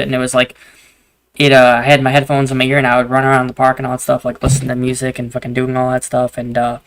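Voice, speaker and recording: Young male host, mid-pitched, loose storyteller who swears freely and keeps restarting his sentences. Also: a bit bright. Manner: rambling, swears a lot, restarts often. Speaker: gaming video host. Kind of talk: casual storytelling chat while gaming.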